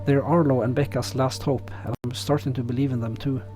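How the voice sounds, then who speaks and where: A man with a pronounced non-native English accent, narrating and commenting on a game in a relaxed, self-deprecating way. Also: medium pitch, fairly quick, soft background music. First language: not English. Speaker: let's play host.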